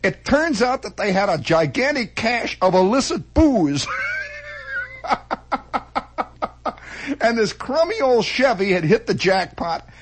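A man telling a comic story from his childhood as a monologue, animated, acting out sound effects and voices with many restarts. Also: high-pitched, normal speed, few pauses, slightly rough.

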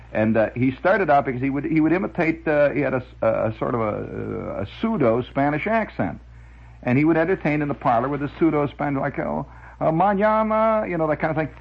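Man with a husky voice, lively pitch, and a chuckling, rambling storytelling style full of "uh"s, on a dull old radio recording. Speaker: radio monologist.

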